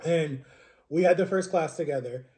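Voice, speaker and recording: A man's voice: a little high, moderate pace, warm tone. Earnest, emotional man telling his story. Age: 30s. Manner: earnest, rambling, often asks "right?". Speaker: vlogger. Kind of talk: personal storytelling to camera.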